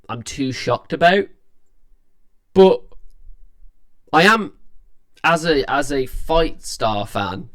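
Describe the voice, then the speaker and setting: A man's voice: mid-range voice, a bit bright. A tired young man talks through his reaction to a song in a loose, rambling way. He stops and restarts often, keeping things casual and friendly as the channel's host. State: tired, yawning.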